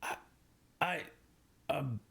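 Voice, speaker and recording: A man's voice: extremely slow, fairly bright tone. A man playing a tabletop role-playing game, stammering and restarting as he speaks in and out of character. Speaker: player.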